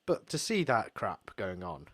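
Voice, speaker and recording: Brief: young English man, podcast co-host, bright forceful tone, lively blunt sweary chat. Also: on the low side, unhurried. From England. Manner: blunt, sweary, animated storytelling. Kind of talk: casual chat.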